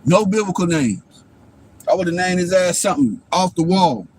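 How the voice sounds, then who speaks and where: His voice is high, animated, a little mellow and husky, moving at a moderate pace. This adult father runs a livestream where he delivers a rambling, casual monologue, profane and preachy, constantly asking "you know what I'm saying."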